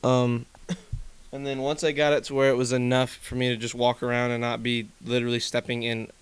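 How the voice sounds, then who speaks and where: Young male podcast host, smooth dry voice, animated swearing storyteller. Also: mid-range voice, brisk, no room sound. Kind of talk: casual chat. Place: home room, basement.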